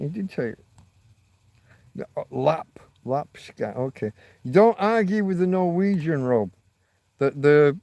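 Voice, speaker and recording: Slow, rambling male livestream host. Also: mid-range voice, dark tone, dry recording. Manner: meandering, reacts to chat, self-mocking asides. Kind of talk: rambling livestream chat with viewers. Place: living in Spain.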